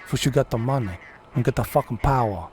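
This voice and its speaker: A man's voice: mid-range voice, a little fast, a little mellow, lightly acted. A man putting on a hot-headed, swaggering gangster who curses and snaps aggressively.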